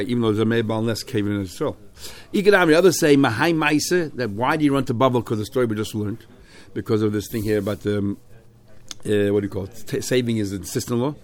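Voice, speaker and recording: A man teaching a Talmud class, translating line by line and retelling the story with lively, restarting delivery. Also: mid-range voice. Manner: animated storytelling with frequent restarts.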